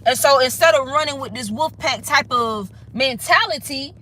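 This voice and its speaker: A woman gives a casual spiritual reading with a bright, sharp-edged voice that sits a little high. She is blunt and emphatic, and cusses freely. She keeps checking in with the listener as she goes. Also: moderate pace, low-quality recording. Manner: blunt, profane, emphatic, repeats "okay?". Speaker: tarot reader.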